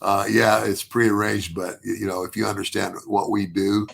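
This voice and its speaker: A man's voice: lowish voice, level tone, normal speed, vocal fry. An older man, a podcast guest, telling a long story casually, restarting phrases and chuckling as he goes. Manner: rambling with many restarts and repeated words; chuckles through his own story.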